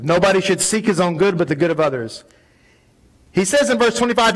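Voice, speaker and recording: A man preaching a sermon in a synagogue, arguing emphatically and rising to loud peaks on key points. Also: high voice, expressive, fairly quick. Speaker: rabbi.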